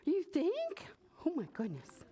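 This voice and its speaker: Librarian reading to preschoolers: woman, slow and deliberate, voice that rises and falls a lot, asks the kids questions. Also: extremely high pitch. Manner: expressive, asks children questions. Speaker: children's librarian. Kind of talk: preschool story time read-aloud.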